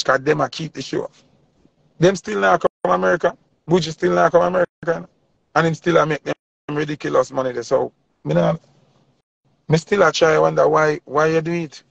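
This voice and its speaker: Gravelly Jamaican man ranting in patois. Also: fairly high pitch, dry recording, dull audio. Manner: patois-heavy, preachy, repeating points for emphasis. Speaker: commentator. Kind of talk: impassioned opinion rant.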